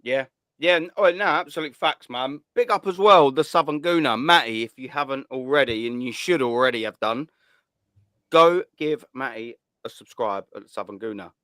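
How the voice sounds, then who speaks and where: A man's voice: mid-range voice, normal speed, a bit bright, no echo. A man, hosting a casual call-in chat with blunt, sweary banter. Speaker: host.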